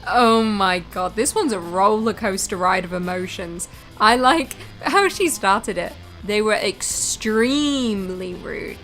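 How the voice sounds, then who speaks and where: A woman's voice: mid-range voice, lively intonation, slow, a bit bright, faint music behind. A woman hosting a reaction video, commenting casually on clips in an amused, blunt, chatty way.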